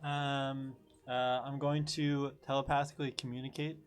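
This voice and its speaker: A man playing in a tabletop role-playing game, talking through his actions in an unhurried way and thinking aloud. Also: mid-range voice, flat delivery. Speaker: player. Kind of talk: casual tabletop play.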